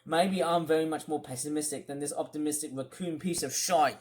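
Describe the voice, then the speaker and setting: A man from the UK delivering an angry, shouting rant as a YouTuber, scolding and repeating himself. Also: a little high, fairly quick. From United Kingdom. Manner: shouting and scolding, repetitive phrasing. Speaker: YouTuber ranting about a streamer.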